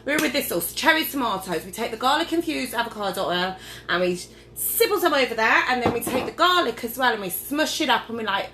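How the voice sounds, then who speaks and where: A woman's voice: on the high side, lively intonation, fast talker, background noise. A tipsy woman chatting her way through a casual cooking demonstration at home, rambling and losing her train of thought. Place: home kitchen, indoors. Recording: echoey kitchen with clattering dishes.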